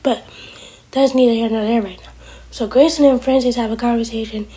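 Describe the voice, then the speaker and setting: A woman casually recapping a TV episode for her vlog, chatty and opinionated, talking back to the characters and sometimes dropping to a hushed near-whisper. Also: a little high, steady tone, a little fast, breathy edge, low-quality recording. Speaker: TV episode reviewer.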